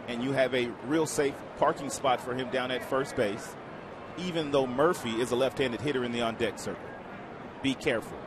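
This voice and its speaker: A man giving baseball color analysis from a stadium booth, explaining pitches in a coaching tone. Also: normal speed. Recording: broadcast with loud stadium crowd and noise. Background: loud ballpark crowd.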